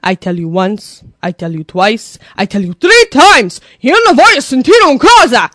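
Woman putting on a hot-tempered dad, loud, scolding, repeats himself, raised voice, dry sound. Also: a little high, big pitch swings, normal speed, no room sound. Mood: furious scolding. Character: stern grumpy father, man, always angry.

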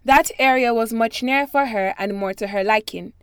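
A woman with a Jamaican accent speaks in a fairly high voice. She reads a passage aloud and talks about her accent at a steady, careful pace. The sound is dry and close. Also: moderate pace, clean tone, no echo. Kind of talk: reading a set passage, then explaining her accent.

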